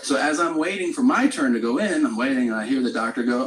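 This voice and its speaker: A male comedian working a club stage, telling a story in a relaxed, chatty way and slipping into other people's voices for the punchlines. The sound carries the room around him. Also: mid-range voice, fast, roomy sound, poor audio. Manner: conversational storytelling with crude humor and acted-out quotes. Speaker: stand-up comedian. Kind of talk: stand-up comedy set.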